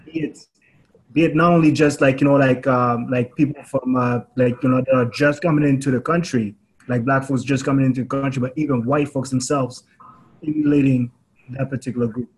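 A man's voice: mid-range voice, steady tone, a little fast, a little mellow, rough recording. A man co-hosting a podcast in a mid-range voice, working through his explanation with plenty of "um" and "like" along the way. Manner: hesitant, many fillers while explaining. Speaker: podcast co-host. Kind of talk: casual discussion.

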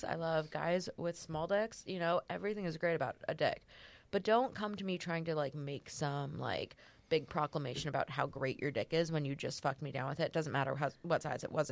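Woman comic telling a raunchy story on a podcast, lowish voice, laughs a lot, flat deadpan quotes. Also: vocal fry. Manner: bawdy, laughs often, quotes people in a flat low voice. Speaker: podcast guest, comedian. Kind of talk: casual chat, telling a personal story.

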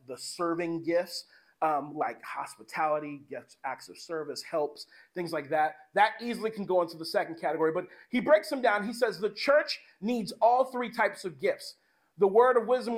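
A male pastor preaches in a loose, conversational style, peppering his sermon with slang and checking in with the crowd. His voice sits notably high for a man.

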